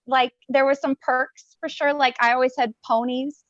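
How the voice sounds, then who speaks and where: A woman's voice: high-pitched, little pitch movement, moderate pace, fairly bright tone, no room sound. A woman comic doing a rambling, self-deprecating stand-up set over a video call, from Chicago. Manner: rambling, self-deprecating delivery with many fillers. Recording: muffled video call audio.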